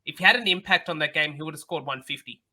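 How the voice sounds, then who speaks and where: Co-host with a keen, bright edge and higher voice; gives measured opinions, thinking aloud. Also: male voice. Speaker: podcast co-host and analyst. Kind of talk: casual podcast chat.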